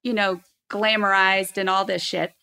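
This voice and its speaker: A woman's voice: medium pitch, moderate pace, vocal fry, clear, resonant tone. A woman in her thirties telling a heated personal story in casual chat, swearing and acting out quotes. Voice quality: animated, swearing, acts out quotes loudly. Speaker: guest.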